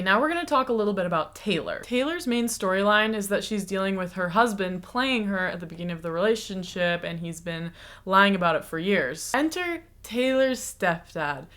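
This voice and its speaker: A woman's voice: mid-range voice, lively intonation, moderate pace, fairly bright tone. A woman from the United States hosting a chatty, explanatory reaction commentary with a lightly sarcastic edge. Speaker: reaction video host. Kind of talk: casual commentary.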